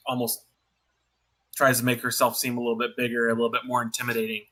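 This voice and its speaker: A man's voice: medium pitch, pushed and bright. A man narrating as dungeon master in a tabletop game, in a loose style full of fillers.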